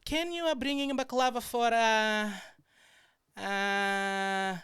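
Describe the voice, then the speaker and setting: A man's voice: sits high, steady tone, takes it slowly, pushed and bright, clear, resonant tone, dry recording, clean studio sound, voice pushed up, full character voice. A man voicing an older woman passenger who speaks broken, hesitant English full of ums. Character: older immigrant woman passenger, scatterbrained and eager.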